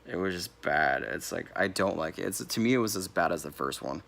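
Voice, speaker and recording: A man's voice: low-pitched, lively intonation, fairly quick, gravelly, fairly bright tone. A man giving a casual, rambling movie review, correcting himself as he goes and laughing here and there. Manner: laughs now and then while talking.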